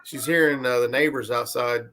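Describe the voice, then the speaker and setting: A man's voice: mid-range voice, fairly even intonation, moderate pace, a bit bright. A man hosting a fishing channel livestream, joking and reading out viewer comments. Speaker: channel host. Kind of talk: casual chat on a livestream.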